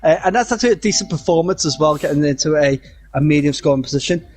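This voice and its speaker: A man giving casual live commentary on an online racing league, chatty and halting with many fillers. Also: fairly high pitch, lively intonation, darkish tone.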